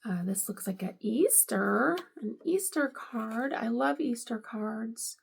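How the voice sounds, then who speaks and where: A middle-aged woman talks unhurriedly through a casual home vlog, gushing over each gift she unwraps. Her voice sits a touch high with a gravelly fry. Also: lively intonation, slow pace, hardly any pauses. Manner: gushing, delighted, lots of "I love it". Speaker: vlogger unboxing gifts.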